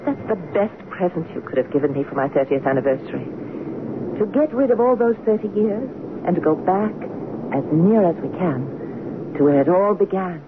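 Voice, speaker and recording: An actress in a 1970s radio drama playing a middle-aged French wife with a French accent, once in the resistance, talking in a tender, teasing way. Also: female voice, on the low side, lively intonation, moderate pace, natural voice. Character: wistful French wife, former resistance fighter. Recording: tinny lo-fi old radio broadcast with hiss.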